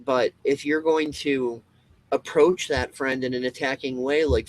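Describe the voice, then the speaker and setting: A man's voice: medium pitch, steady tone, a little slow, no echo, poor audio. Man, casual monologue, rambling, restarts, swearing, mid-range voice. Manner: swears freely; acts out quoted people. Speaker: video host.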